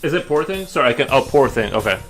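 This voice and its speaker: A man's voice: medium pitch, lively intonation, fast, fairly bright tone, faint music behind. A man chatting casually while drawing on a stream, rambling with lots of fillers and restarts.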